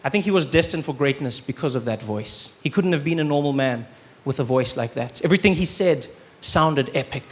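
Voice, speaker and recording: A South African man performing stand-up comedy on a theatre stage, with a deadpan, ironic delivery. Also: on the high side, fairly quick, few pauses, a little hiss or hum. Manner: deadpan, ironic, with playful asides.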